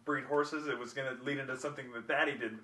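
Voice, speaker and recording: A man in a casual movie chat, halting and laughing a lot, recorded from a distance in a roomy space. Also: mid-range voice, fairly even intonation, bright, forceful tone.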